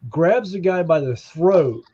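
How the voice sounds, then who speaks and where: Lively storytelling man, dull podcast audio. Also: fairly high pitch, slow pace, slightly rough. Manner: animated storyteller who acts out quoted voices. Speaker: podcast co-host. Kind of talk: casual storytelling chat.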